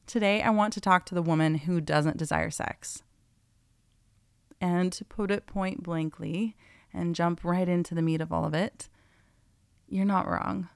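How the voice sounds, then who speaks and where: A woman's voice: on the low side, steady tone, moderate pace, creaky, darkish tone, smooth, no room sound. A woman hosting a podcast in a casual, earnest and encouraging way, her voice close to giving out. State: nearly losing her voice. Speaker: podcast host.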